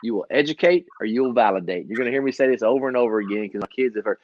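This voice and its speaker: A middle-aged man giving a casual motivational talk as a trainer, energetic and laughing often, with many restarts. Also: medium pitch, quick pace, no echo, muffled recording. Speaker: trainer co-hosting a live training session.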